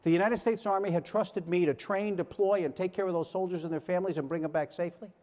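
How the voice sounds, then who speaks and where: A man's voice: high voice, steady tone, fast talker, warm tone. A man in his sixties giving a motivational keynote speech in a large hall, telling stories and acting out the voices of the people in them. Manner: storytelling, acts out quoted voices. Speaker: keynote speaker. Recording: long hall reverb.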